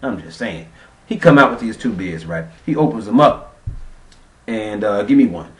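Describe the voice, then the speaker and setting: Animated, profane man telling a story. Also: lowish voice, normal speed, far from the mic. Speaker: vlogger. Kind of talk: casual storytelling vlog. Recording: roomy sound, off-mic.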